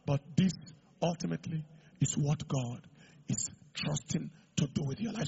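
A middle-aged man preaching a sermon, building up to shouted declarations. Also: on the high side, normal speed, creaky, husky, muffled recording. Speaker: pastor.

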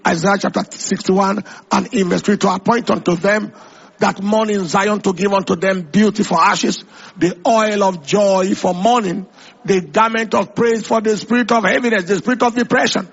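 A man's voice: high voice, fairly even intonation, normal speed, vocal fry, husky, highs cut off. A man preaching a sermon with an emphatic, repetitive cadence, quoting scripture at length.

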